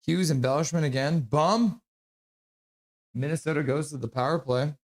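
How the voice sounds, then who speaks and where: Man calling hockey play-by-play. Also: a little high. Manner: casual, quick calls with offhand jokes. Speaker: streamer doing live play-by-play. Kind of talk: live hockey play-by-play commentary.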